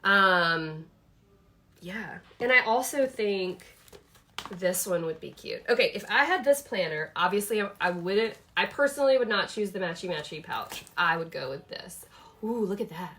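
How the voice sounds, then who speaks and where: A woman chats casually from her home office. Her voice is bright and lively, and she talks enthusiastically, thinking aloud with plenty of ums and little asides. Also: mid-range voice, moderate pace, a little hiss or hum. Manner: chatty, enthusiastic, thinks aloud with many fillers. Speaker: host showing her planner products. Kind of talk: casual live product chat.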